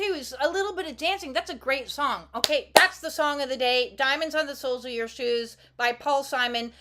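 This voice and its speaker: A woman with a somewhat high voice chats loosely to her viewers on a live stream, rambling from one thought to the next. Her talk is playful and warm-hearted, with the occasional casual swear word dropped in. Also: a little fast, hardly any pauses. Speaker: oracle card reader hosting a live stream. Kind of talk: casual livestream chat.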